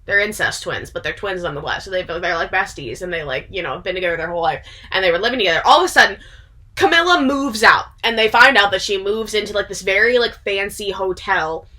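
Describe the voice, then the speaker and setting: A woman's voice: mid-range voice, animated, fast, pushed and bright. A young woman casually retelling a story to a friend, chatty and full of "like" and swearing, laughing often. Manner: frequent laughter. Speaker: video creator.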